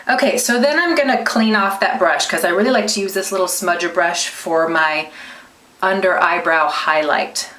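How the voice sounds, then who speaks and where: A woman's voice: fairly low pitch, a bit bright. A woman giving a casual makeup tutorial, chatty and explaining each step with small restarts. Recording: roomy echo.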